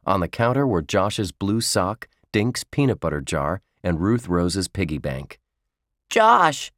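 A man narrating a children's book in a slow, measured storytelling manner. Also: low-pitched, dry recording, studio quality. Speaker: audiobook narrator.

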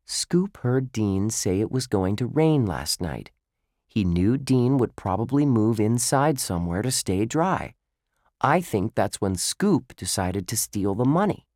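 A man voicing a quick-witted young boy detective who talks eagerly and like a know-it-all. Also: fairly low pitch, big pitch swings, darkish tone, dry recording, clean studio sound, voice pushed up.

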